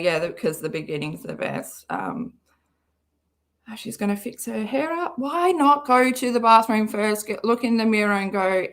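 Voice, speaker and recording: Slow-talking woman chatting on a live stream. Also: medium pitch, fairly bright tone. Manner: swears often, chatty, greets viewers by name. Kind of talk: casual live stream chat. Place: car.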